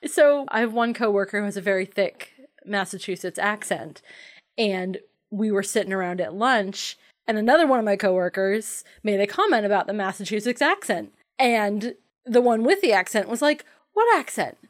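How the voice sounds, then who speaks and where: A woman's voice: mid-range voice, normal speed. A woman co-hosting a podcast in a casual, chatty film discussion. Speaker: podcast co-host.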